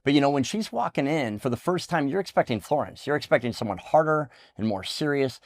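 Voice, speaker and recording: A man hosting an interview show, excitable and enthusiastic as he talks with his guest. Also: mid-range voice, fairly quick, dry recording, studio quality. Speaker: interview host. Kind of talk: casual interview chat.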